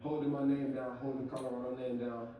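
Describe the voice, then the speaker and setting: A man's voice: medium pitch, level tone, fast, narrow, tinny audio. A young man giving a heartfelt, thankful acceptance speech, heard from a broadcast. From southern US. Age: young adult. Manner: heartfelt, thankful, emotional address. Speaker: award winner. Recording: echoey hall from far off, broadcast.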